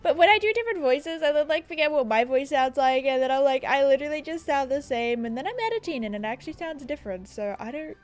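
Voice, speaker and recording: Faint music plays behind this fast-talking young Australian woman, who barely pauses as she delivers casual gameplay commentary that pokes fun at herself. In her twenties, she's a gaming YouTuber with a high, animated voice, laughing often into a desk mic in her apartment room.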